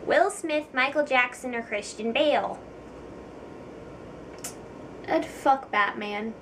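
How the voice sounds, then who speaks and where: Giggly young woman vlogger, slightly high. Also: slow, distant mic, background noise. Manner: chatty, giggly and self-deprecating, with frequent ums. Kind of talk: casual chat to camera.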